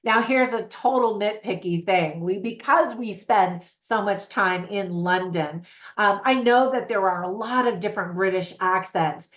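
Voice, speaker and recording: An American woman with a medium-pitched voice talks casually as a movie reviewer, speaking at a measured pace. She's upbeat and addresses her viewers directly. The recording has a roomy echo and a slightly dull sound.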